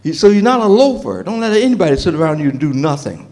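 Animated, lively-voiced male pastor. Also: on the high side, fast talker. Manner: animated, emphatic, with fillers and restarts, asks the congregation questions. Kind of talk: sermon.

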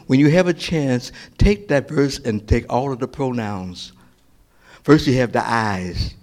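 A male pastor preaching a sermon, asking the congregation questions and answering them himself, rising to loud emphatic lines and dropping to near whispers. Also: medium pitch, a little slow.

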